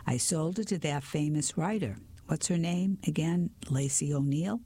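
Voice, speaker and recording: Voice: medium pitch, normal speed, warm tone, breathy edge, pitched above the performer's own voice. A reader voicing a fussy, apologetic male antique dealer in a whispered role-play storybook reading. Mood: chatty. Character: flustered older male antique shop owner.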